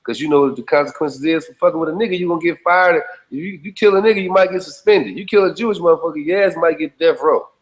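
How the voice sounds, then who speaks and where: Man, fairly high voice, blunt, profane, emphatic, casual interview talk. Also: fast, hardly any pauses, low-quality recording. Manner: repeats checking phrases to the listener. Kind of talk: casual conversation.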